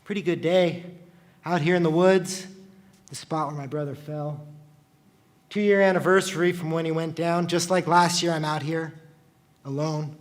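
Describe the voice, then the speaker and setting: Male storyteller, slightly high voice, earnest and confessional, frequently hushed first-person delivery. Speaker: firefighter telling a personal story.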